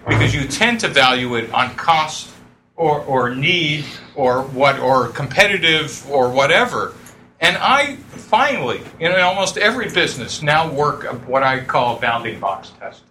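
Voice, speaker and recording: A middle-aged man telling lively stories to an audience, acting out the voices he quotes and laughing often. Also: high voice, a little hiss or hum. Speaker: speaker telling startup stories. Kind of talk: lively storytelling talk.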